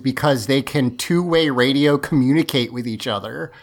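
A man's voice: medium pitch, normal speed, few pauses, a bit bright. A man hosting a casual movie talk, recapping the plot in a loose, profane way.

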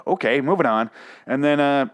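A man reviewing a TV episode in a fast, profane, exasperated rant that rambles from point to point. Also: mid-range voice. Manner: speaks quickly.

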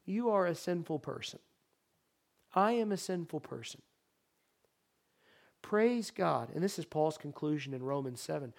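A man preaching a sermon as pastor in a church sanctuary, with impassioned delivery that moves between loud exhortation and soft, earnest appeals, questioning the congregation directly. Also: high voice.

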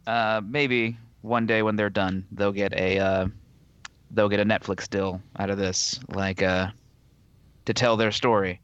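A man co-hosting a casual chat, tossing in joking deadpan asides. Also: on the low side, a little slow, smooth, no echo. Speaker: podcast co-host. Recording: slightly dull, dry.

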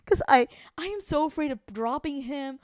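A woman's voice: high voice, expressive, normal speed, no echo, studio quality. Anxious, rambling young woman. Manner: anxious, self-deprecating, rambling with fillers. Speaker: podcast co-host. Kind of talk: casual chat.

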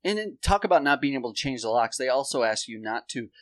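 A man's voice: mid-range voice, lively intonation, fast talker. A man co-hosting a comedy chat, telling stories casually, laughing often and swearing freely. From lived in New York. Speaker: comedian podcast co-host.

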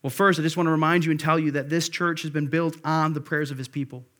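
An earnest man delivering a sermon from the pulpit. His voice sits a little higher than most men's, and he keeps pressing his points with conviction. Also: fairly even intonation, fast talker, fairly bright tone. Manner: earnest, exhorting, rises for emphasis. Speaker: pastor.

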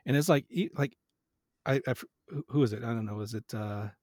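A man hosting a podcast, talking in a thoughtful, halting way with quick bursts of words. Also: medium pitch, a little mellow, no room sound, clean studio sound. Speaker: podcast host. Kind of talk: casual podcast conversation.

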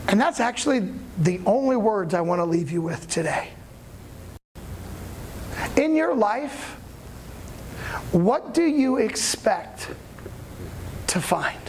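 A man preaching a sermon in a casual, conversational storytelling manner, with sudden loud bursts of emphasis. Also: sits high, animated, slow pace, long pauses, slight background noise. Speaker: pastor.

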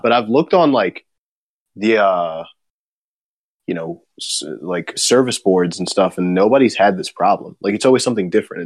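A man's voice: fairly low pitch, no echo. A man hosting a podcast in casual chat, rambling and laid-back, laughing often and swearing, recorded over a remote voice chat. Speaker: podcast host.

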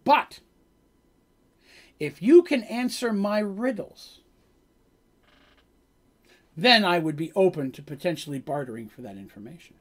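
A man voicing a large female sphinx who speaks politely and formally, measured and knowing. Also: high-pitched, expressive. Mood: calm.

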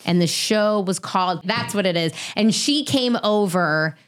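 A woman from the San Francisco Bay Area telling stories in a casual chat, animated and profane. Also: medium pitch, unhurried. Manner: profane, animated storytelling with shouted quotes. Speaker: guest.

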